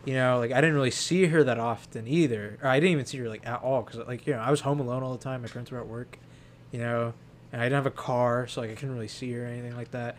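A man's voice: medium pitch, fairly even intonation, fast, slight background noise. Rambling young man telling a story. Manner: rambling, heavy use of fillers like "like" and "you know". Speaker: podcast co-host. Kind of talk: casual chat, storytelling.

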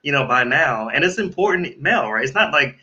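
Bright-voiced man with a dull lo-fi sound. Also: fairly high pitch, expressive, brisk. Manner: loose, hesitant, many fillers and laughs. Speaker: interview host. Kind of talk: casual interview chat.

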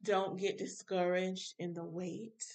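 A woman's voice: on the low side, level tone, slow pace, darkish tone, recorded from a distance. A woman minister giving a casual Bible study talk, speaking straight to her listeners. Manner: informal, direct address to listeners.

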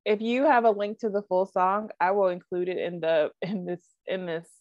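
An animated woman co-hosts a casual podcast and keeps drifting into asides. Her voice is recorded dry, with a dull, lo-fi tone. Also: mid-range voice, moderate pace, no echo. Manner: animated, with frequent likes and asides. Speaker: podcast co-host. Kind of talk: casual chat.

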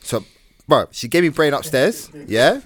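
A man chats casually on a podcast. His pitch swings widely as he tells lively, slang-heavy stories, and he puts on the voices of the people in them. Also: a little slow. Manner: London slang, animated storytelling with quoted voices. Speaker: podcast co-host. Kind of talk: casual chat, storytelling.

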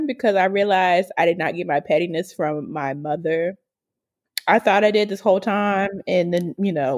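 A woman co-hosting a casual chat, telling a family story with lots of laughter, cursing and loud exclamations. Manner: animated, laughing often, swearing, high-pitched exclamations.

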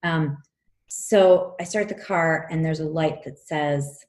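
A woman with a notably low, deep voice tells a story in a casual chat, animated and blunt, cursing without a second thought. Her voice rings in a roomy, echoey space. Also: slow. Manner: animated, frank, swears freely. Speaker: podcast co-host telling a personal story. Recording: roomy echo.

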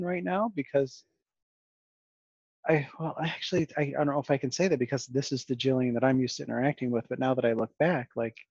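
A man hosting a podcast in casual conversation, halting with many restarts and a dry, sarcastic edge. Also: medium pitch, a little mellow, no echo, muffled recording. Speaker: podcast host.

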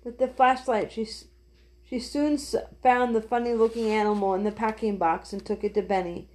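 A woman reading a children's book aloud gently, with small slips. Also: on the high side, steady tone, moderate pace. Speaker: storyteller.

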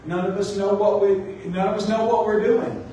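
A man preaching a sermon, animated and joking with his congregation. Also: high voice, moderate pace, a little hiss or hum. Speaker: pastor. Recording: echoey room, distant mic.

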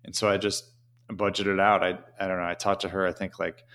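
A man's voice: low-pitched, little pitch movement, brisk, fairly bright tone. A man telling a casual, rambling story as an interview guest, with many "you know" fillers.

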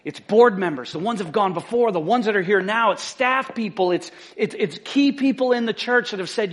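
A middle-aged man preaching a sermon as lead pastor, fervent and emphatic, repeating key phrases and swinging from loud excited bursts to quiet asides. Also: a little fast, few pauses. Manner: fervent, emphatic repetition, rising to excited outbursts then dropping low.

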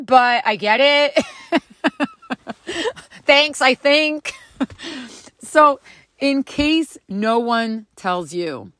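A woman's voice: medium pitch, dry recording, studio quality. A woman hosting a casual spiritual podcast, candid and open, laughing often and swearing casually. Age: adult parent. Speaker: podcast host.

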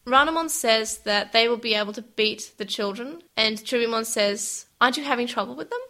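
Bright-voiced woman recapping casually. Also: on the high side, a little fast. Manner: chatty, giggly, recaps plot in detail. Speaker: podcast co-host recapping an anime. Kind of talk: casual chat.

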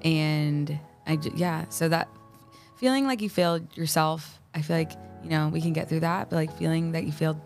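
Young woman guest, kinda low voice, chatty, laughs a lot, says like constantly. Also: moderate pace, darkish tone, faint music behind. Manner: chatty, laughs often, many "like" fillers. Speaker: podcast guest. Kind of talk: casual interview conversation.

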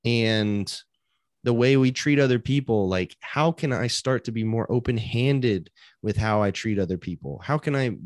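A man's voice: mid-range voice, normal speed, no room sound, studio quality. A man co-hosting a casual faith podcast, talking earnestly and thinking aloud with frequent restarts. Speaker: podcast co-host.

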